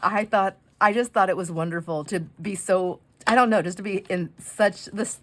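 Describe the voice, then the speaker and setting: A woman's voice: fairly low pitch, fairly bright tone. A middle-aged woman chatting casually while crafting, telling rambling stories full of fillers and laughs. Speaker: craft vlogger.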